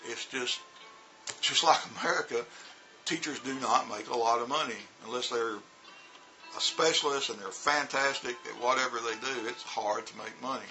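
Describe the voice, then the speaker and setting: A man's voice: medium pitch, moderate pace, sharp tone, soft background music, poor audio. A middle-aged man vlogging in a casual monologue about teaching, rambling, repeating words and using lots of fillers. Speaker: vlogger and former teacher in China.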